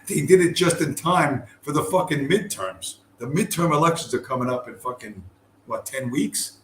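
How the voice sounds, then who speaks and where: A man's voice: a little high, lively intonation, normal speed, fairly bright tone. A man ranting casually as a podcast host, profane and rambling, with heated asides. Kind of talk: casual rant. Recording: echoey room with faint ambient noise.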